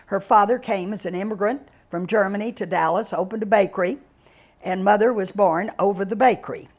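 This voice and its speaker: An older woman from Texas, giving a digressive storytelling lecture with dramatic exclamations and drawn-out words. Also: mid-range voice. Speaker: guest speaker reviewing a book.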